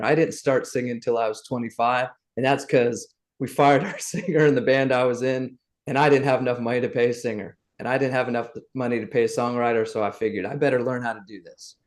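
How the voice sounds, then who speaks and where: A middle-aged man from the South, guesting on a podcast and telling his stories in a lively, animated way. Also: medium pitch, fast, hardly any pauses. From Southern United States. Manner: lively anecdotes, acts out the people he quotes. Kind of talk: animated storytelling.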